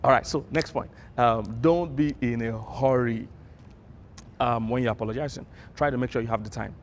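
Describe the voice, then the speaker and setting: Male advice presenter, mid-pitched voice, emphatic coaching delivery, faint rumble behind. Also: normal speed. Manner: emphatic, repeats points, prompts viewers to practice. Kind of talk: advice talk to camera.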